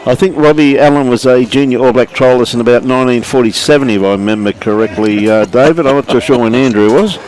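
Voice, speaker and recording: A man's voice: mid-range voice, fast talker, few pauses, darkish tone. An Australian man giving live lawn bowls commentary at the club, chatty, greeting viewers by name and calling everyone mate.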